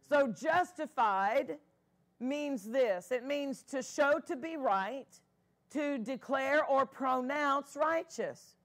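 A woman pastor preaching a sermon, emphatic and repeating key phrases, asking the congregation for amens. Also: high voice.

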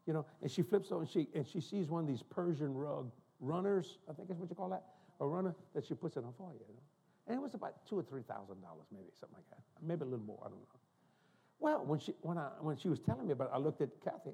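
Older preacher guy telling funny family stories, kinda husky, pitch jumping all over. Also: fast. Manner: animated, humorous, folksy. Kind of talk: storytelling sermon. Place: church.

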